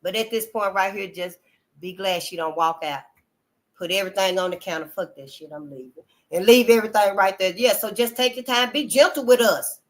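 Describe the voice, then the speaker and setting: Speaking a little quickly in a mid-range voice, this woman runs her own channel. Her talk to viewers is casual, blunt, earthy and emphatic, full of honey and y'all.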